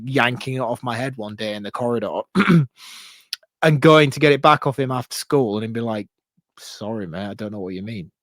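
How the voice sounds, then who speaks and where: Animated British man, dry close sound. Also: mid-range voice, no room sound. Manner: animated, frequent swearing and laughter. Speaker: podcast co-host. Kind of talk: casual film chat.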